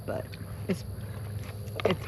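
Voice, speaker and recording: A chatty man talking casually at an outdoor campsite at night, laughing easily. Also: very slow. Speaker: hiker and vlogger. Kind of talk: casual chat at camp. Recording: crickets and night noise outdoors.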